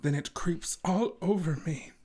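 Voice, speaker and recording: Woman, low voice, podcast co-host, reads spooky stories, dry jokey asides. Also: a little slow, dark tone. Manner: dry, joking asides between read passages. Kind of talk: casual chat, reading listener stories aloud.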